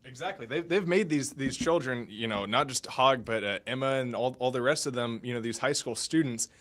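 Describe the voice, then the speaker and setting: A man's voice: mid-range voice, fairly quick, a bit bright. A man co-hosting a talk show, chiming in conversationally and agreeing.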